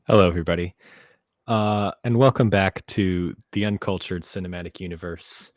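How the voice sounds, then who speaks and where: Low-voiced man hosting a podcast, dry sound. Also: moderate pace, no echo. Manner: chatty, self-correcting, playful. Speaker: podcast host. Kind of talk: casual chat.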